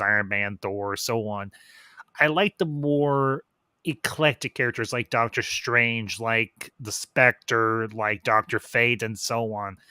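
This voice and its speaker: A man hosts a relaxed review chat in a bright, forceful voice, recorded close and dry with no room sound. He rambles through his points, stopping and restarting as he digs for names and details. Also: mid-range voice, clean tone, dry recording. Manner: rambling, restarts and trails off while recalling details. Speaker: host.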